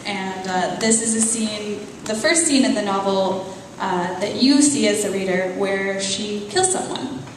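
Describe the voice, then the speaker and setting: A woman author reading a passage of her novel aloud at a live event, at a measured, unhurried pace. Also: mid-range voice, noisy background. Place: event venue, indoors. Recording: echoey hall, voice far from mic.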